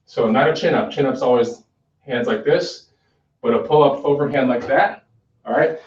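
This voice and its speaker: A man's voice: medium pitch, moderate pace, recorded from a distance. Fitness coach, male, chatty demo style, heard from across an echoey gym, dull sound. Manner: conversational, checks in with "okay?" often. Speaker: fitness instructor. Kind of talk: casual workout demonstration. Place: gym, indoors.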